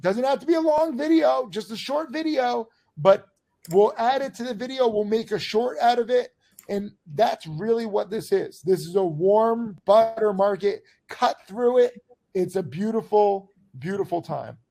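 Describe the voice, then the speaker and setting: A man with a hoarse voice hosting in excitable, emphatic casual promotional talk. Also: high voice, unhurried. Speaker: host.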